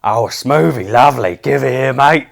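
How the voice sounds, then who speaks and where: A man voicing a brash, laddish woman who talks loudly in a crude, blokey way. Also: mid-range voice, expressive, normal speed. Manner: loud, brash, gravelly and blokey. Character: gruff, laddish hungover woman, loud and crude.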